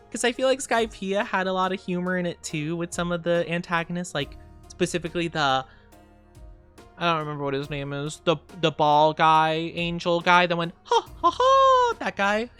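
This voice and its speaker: A woman's voice: lowish voice, fairly bright tone, smooth. A young woman streamer chatting casually with her viewers, rambling and giggling often.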